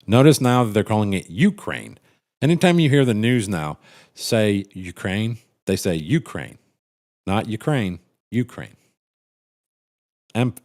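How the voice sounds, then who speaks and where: A middle-aged man with a very deep, low voice talks casually on his livestream. He rambles in a cynical, profane way, often stumbling and restarting his sentences while catching up on chat. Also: a little mellow. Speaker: livestream host reading chat.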